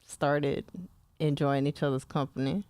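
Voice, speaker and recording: Give me a talkative woman co-hosting a podcast, laughing easily, smooth voice. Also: low-pitched, flat delivery, a little slow, darkish tone, dry recording. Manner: chatty, laughing, lots of fillers. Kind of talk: casual chat.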